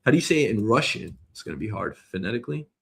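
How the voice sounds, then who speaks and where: Very animated and very fast, the host speaks in a lowish, husky voice with vocal fry and a fairly bright tone. On his solo comedic news show, he rambles profanely and argues in jest with a listener he has imagined.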